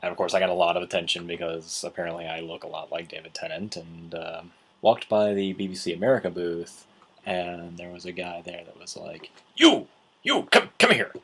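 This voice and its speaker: A man's voice: low voice, little pitch movement, brisk, slightly rough. A man vlogging a casual, rambling story recap, acting out quotes as he goes. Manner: rambling, with many restarts and acted quotes.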